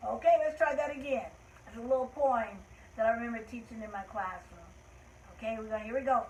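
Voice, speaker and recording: Heartfelt older woman storyteller, soft trailing delivery, echoey room. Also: fairly high pitch, brisk, a little hiss or hum. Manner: gentle, heartfelt, trailing off softly. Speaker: host. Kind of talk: storytelling and rhymes for children. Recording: roomy echo.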